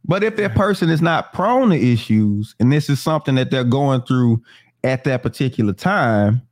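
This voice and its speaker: A man co-hosting a casual talk show, expressive and quick to laugh, asking questions and inviting the audience to respond. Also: mid-range voice, no echo, studio quality. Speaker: podcast co-host. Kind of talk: casual chat.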